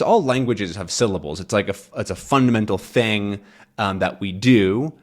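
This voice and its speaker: A young man teaching English, explaining sounds casually, thinking aloud with many fillers and "right?" checks, and slowly drawing out example words. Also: medium pitch. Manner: drawn-out demonstration of sounds.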